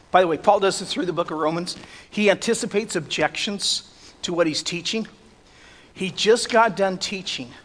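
High-voiced male preacher in a reverberant church. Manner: earnest preaching that rises to loud emphatic peaks. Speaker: pastor. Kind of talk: sermon. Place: church sanctuary. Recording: long reverb of a church hall.

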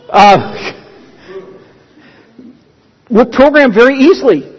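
A man's voice: very high-pitched, unhurried, pauses often, in a large hall, low-quality recording. A man preaching a sermon, telling stories conversationally, with frequent restarts. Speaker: pastor.

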